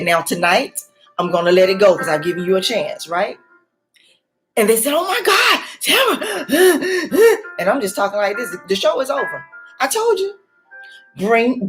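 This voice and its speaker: Speaking like a preacher, this life coach, a woman in her forties or older, delivers a motivational faith talk and leans on repeated key words for emphasis. Her pitch runs slightly high, and soft music plays faintly underneath.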